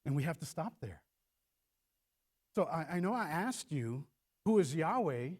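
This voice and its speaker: A man's voice: fairly high pitch, measured pace. A man preaching a sermon as pastor, acting out voices and stumbling over repeated words as he starts a thought. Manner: animated preaching, acts out voices.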